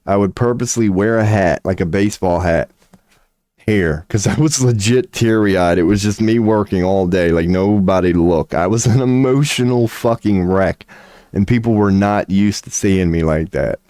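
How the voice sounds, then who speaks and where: A man with a lowish voice and a dark tone talks at a moderate pace in a dry recording. He's toothless and lisps slightly when his mouth goes dry, rambling and cursing at his livestream chat while laughing at himself. He's a streamer who gives tarot readings, and his manner is loose and profane.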